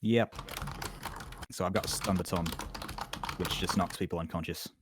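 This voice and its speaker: A man with a low voice, talking through his character in a casual tabletop session. He is on a home mic during a voice call, and keyboard clicks can be heard behind him. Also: steady tone, normal speed, background noise. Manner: plays a character with a put-on accent, hesitant about it. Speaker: player. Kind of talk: casual tabletop game chat.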